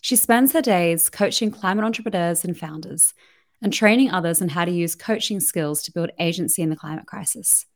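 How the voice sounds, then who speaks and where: A woman's voice: lowish voice, brisk. An Australian woman co-hosting a podcast, reading an upbeat scripted intro and welcoming a guest. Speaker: podcast co-host.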